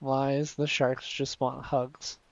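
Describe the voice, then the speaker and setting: Streamer, male, unhurried and playful, sleepy edge, dry muffled home mic. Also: mid-range voice, flat delivery, creaky, no echo. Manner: playful, sleepy, talks to chat and creatures. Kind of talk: casual gameplay commentary.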